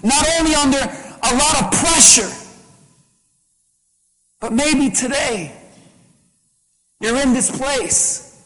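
A man's voice: extremely high pitch, slow pace, pauses often, fairly bright tone. A man preaching a sermon as pastor, pressing the congregation with repeated rhetorical questions. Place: church sanctuary. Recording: long church hall reverb.

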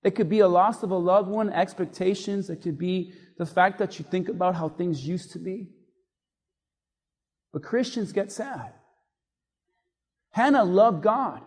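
A man's voice: sits high, darkish tone, big-room sound. A male pastor giving a conversational sermon, acting out little quoted remarks as he goes. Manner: conversational preaching with quoted asides. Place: church.

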